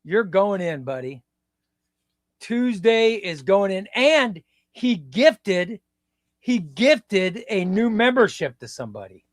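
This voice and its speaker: A man in his fifties hosting a casual live stream, talking slowly and reflectively and often repeating his phrases. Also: high-pitched, very animated, no echo, studio quality. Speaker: livestream host. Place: home room.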